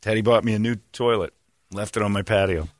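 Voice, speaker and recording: A man's voice: fairly low pitch, steady tone, fast, dry recording, studio quality. A man from San Diego hosting a comedy talk show, telling crude rambling stories. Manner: crude, rambling storytelling with laughs. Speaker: host. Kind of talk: casual comedic banter.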